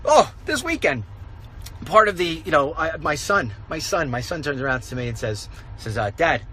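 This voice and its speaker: A middle-aged man, a conservative radio host, rambles through an animated walk-and-talk vlog, telling stories and ranting. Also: a little high, normal speed, slight background noise, low-quality recording. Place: outdoors, walking.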